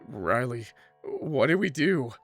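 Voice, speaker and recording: A man's voice: medium pitch, big pitch swings, slow, a bit bright, faint music behind, exaggerated voice. A man voicing a frightened, fragile young man in a horror game. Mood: panicked.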